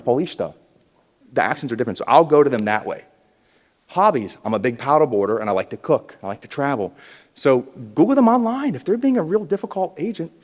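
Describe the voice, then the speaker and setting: A man giving a punchy motivational speech at a conference, stirring up the audience to call back to him. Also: a little high. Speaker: keynote speaker at a realtors conference. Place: large conference hall, indoors. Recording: reverberant conference hall.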